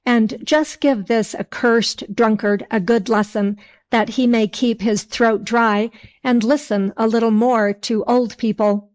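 A woman voicing a gruff, scolding old male wind spirit in a storybook tale, read slowly and sternly. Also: fairly high pitch, steady tone, close to an everyday voice.

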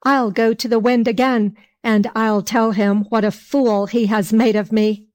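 A woman voicing a hot-tempered, drunken peasant man in a fairy tale, read slowly. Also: fairly high pitch, level tone, a little mellow, close to an everyday voice. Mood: angry.

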